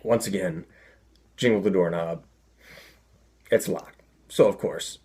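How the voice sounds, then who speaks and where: A young man telling a comic personal story, animated with deadpan asides. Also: sits low, slow pace, long pauses, slightly rough.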